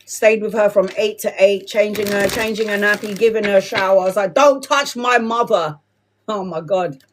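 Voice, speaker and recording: A woman of medium pitch, with little pitch movement and a brisk pace, reads tarot live over slight background noise. Her delivery is blunt and emotional, peppered with swearing and endearments like "my love" and "sweetheart."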